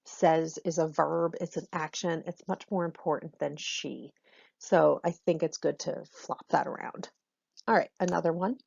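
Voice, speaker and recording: Female teacher, low voice with some fry, relaxed explanatory lesson delivery, dull dry recording. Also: normal speed, no room sound. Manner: relaxed explanatory, frequent ums. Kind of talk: recorded lesson on Shakespeare's meter.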